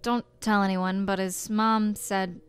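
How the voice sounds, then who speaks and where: A woman's voice: medium pitch, level tone, takes it slowly, clean tone, faint music behind, close to an everyday voice. A woman reading as a nagging middle-aged mother. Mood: disapproving. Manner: plain reading, no accent attempted.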